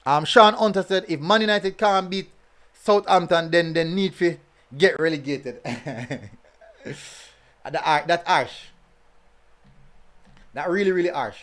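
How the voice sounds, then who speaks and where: High-voiced man on a football stream. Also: slow, long pauses, a bit bright. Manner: chatty, with many fillers and repeated phrases. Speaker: football review show host reading live chat. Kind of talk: casual live-stream football talk.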